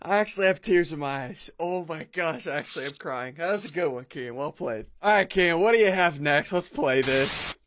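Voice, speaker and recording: A man hosting a gaming video, reacting to funny clips in casual, excitable commentary, laughing and repeating himself. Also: fairly high pitch, normal speed, hardly any pauses.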